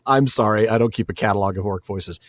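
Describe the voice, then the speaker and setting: A man's voice: fairly low pitch, quick pace, dry recording. A man co-hosting a podcast in casual chat, chatty and laughing often, quoting from a book. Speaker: podcast co-host.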